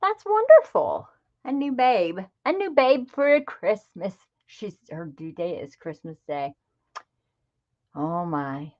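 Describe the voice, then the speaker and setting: A woman's voice: on the low side, takes it slowly, darkish tone, muffled recording. A middle-aged woman hosting a craft livestream, chatting casually and greeting viewers by name. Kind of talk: casual live-stream chat.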